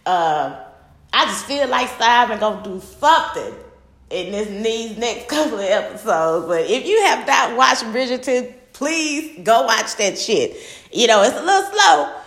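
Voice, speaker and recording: Blunt, profane woman podcasting in an echoey room. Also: medium pitch. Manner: blunt, profane and rambling, with frequent restarts. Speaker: podcast host. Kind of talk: casual solo podcast chat.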